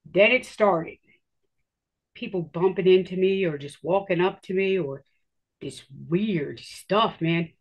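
A woman's voice: on the low side, slow, dull audio. A woman recounts her own story in an easy, conversational way. She acts out her reactions as she goes and swears without thinking about it. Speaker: interviewee telling her story. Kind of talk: casual storytelling.

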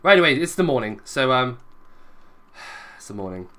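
Bright, lively gamer. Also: male voice, medium pitch, normal speed. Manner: chatty running commentary, muttering asides to viewers. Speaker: gaming video creator. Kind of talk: let's play commentary.

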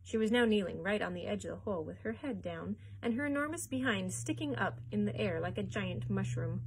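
A woman, a children's librarian, reading a chapter book aloud with expressive, animated storytelling. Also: mid-range voice, a little fast, gravelly, breathy edge, poor audio.

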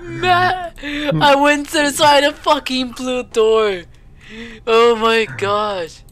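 A woman's voice: high-pitched, fairly even intonation, very slow, a bit bright. A woman hosting a casual gaming session with a friend, shrieking, panicking and laughing often as the game chases her. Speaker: gaming channel host.

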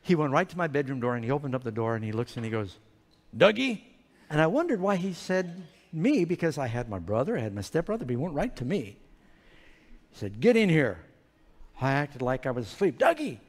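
A man telling an animated, playful story sermon to children in a large church hall. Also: mid-range voice, quick pace. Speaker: preacher. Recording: reverberant hall.

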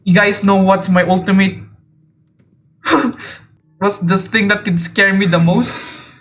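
A man giving jumpy, excitable gameplay commentary, teasing other players and often yelping and laughing. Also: high voice, slow pace, pauses often, soft background music. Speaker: video game player. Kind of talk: let's play gameplay commentary.

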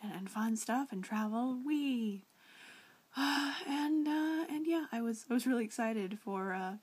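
A woman's voice: a little high, animated, unhurried, slightly rough. A young woman vlogging a casual reply to a friend, rambling with lots of fillers and restarts, often giggling.

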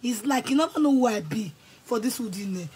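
A woman with a Nigerian accent, ranting angrily and scolding someone in bursts of shouting and threats. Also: a little high, expressive, brisk, husky, rough recording. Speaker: vlogger. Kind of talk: angry rant to camera.

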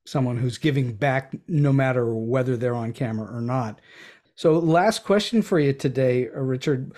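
A man hosting an interview podcast, asking his guest questions in a measured, formal way. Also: medium pitch, darkish tone. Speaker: podcast host.

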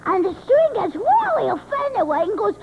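Super high squeaky muppet telling rambling jokes, "right?" every line, muffled old camcorder sound. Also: male voice, very animated, normal speed, gravelly, exaggerated voice. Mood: chatty. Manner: rambling joke-telling, ends lines with "right?". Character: high-voiced male Muppet monster, a chatty joke-teller. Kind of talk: live puppet stand-up at a party. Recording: dull lo-fi 1980s camcorder audio with faint noise.

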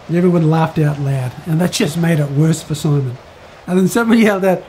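A man telling a Bible story for a children's church, reading in an expressive way. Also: on the high side, a little fast, slight background noise, poor audio.

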